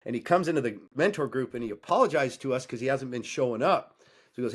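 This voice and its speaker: A man's voice: medium pitch, lively intonation, fast talker, slightly rough. A man speaking as a coaching guest on a podcast, talking bluntly and intensely with profanity and a preaching edge. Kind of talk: candid podcast conversation.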